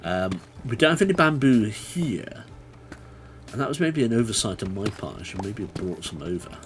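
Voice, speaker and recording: Lively man streaming a game. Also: fairly low pitch, normal speed, noisy background. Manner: chatty, bursts into excited taunting yells. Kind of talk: live gaming stream commentary.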